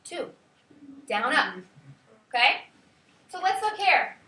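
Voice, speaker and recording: A woman teacher giving a lively classroom lecture, quizzing her students and counting out rhythms aloud. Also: high-pitched, takes it slowly. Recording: echoey classroom from far off, faint hiss.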